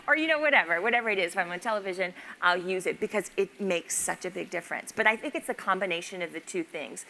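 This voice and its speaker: A woman's voice: lowish voice, fast, vocal fry, bright, forceful tone, slight background noise. A woman speaking casually and enthusiastically as a panelist at a live beauty event, with lots of "like" fillers.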